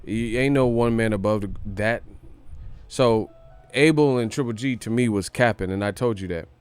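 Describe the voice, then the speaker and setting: A man's voice: fairly low pitch, normal speed, darkish tone, clear, resonant tone, faint music behind. A man hosting a live commentary stream, talking in slangy, profane, joking chat and laughing often. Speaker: host. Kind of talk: livestream commentary.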